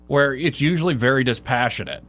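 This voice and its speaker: A man's voice: mid-range voice, brisk. A man, hosting a casual talk radio show and telling stories with acted-out quotes. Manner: animated storyteller, acts out quotes. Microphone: studio mic.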